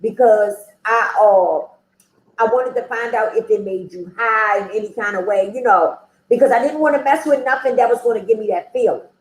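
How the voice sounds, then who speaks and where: A woman talks candidly through her own story, speaking in a frank, conversational way with plenty of "you know." Her voice sits a little high. The recording has a roomy echo. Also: moderate pace, a little hiss or hum. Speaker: interview guest.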